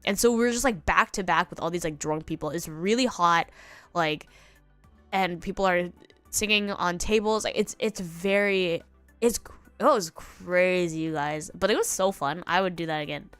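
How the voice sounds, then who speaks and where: A young woman from the United States chatting casually on stream, rambling and giggling and acting out quotes in a higher voice. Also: normal speed, fairly bright tone, dry recording, faint music behind. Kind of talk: casual chat.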